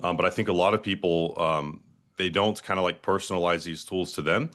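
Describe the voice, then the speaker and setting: A man's voice: sits low, steady tone, a little fast, fairly bright tone. A man hosting a casual podcast conversation, explaining points in an easygoing way with tag questions. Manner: explanatory, calls himself wired and amped. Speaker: podcast host.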